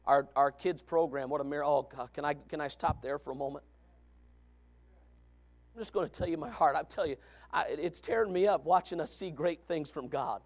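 A man preaching a sermon as pastor, folksy and repetitive, swinging from quiet talk to fervent shouting. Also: on the high side, a little fast. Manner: folksy, repeats phrases.

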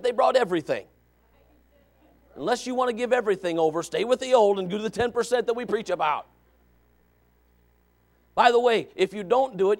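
High-voiced preacher, shouting then soft. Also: male voice. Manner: swings from quiet asides to loud shouted exhortation; folksy, joking, with sudden dramatic emphasis. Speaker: associate pastor. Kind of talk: sermon.

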